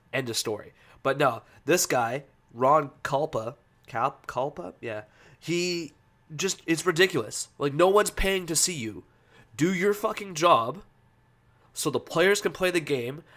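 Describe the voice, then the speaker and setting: A man's voice: mid-range voice, fairly bright tone. A man hosting a casual podcast, talking loosely with lots of fillers and breaking into heated, profane rants. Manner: loose, hesitant with many fillers. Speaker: podcast host.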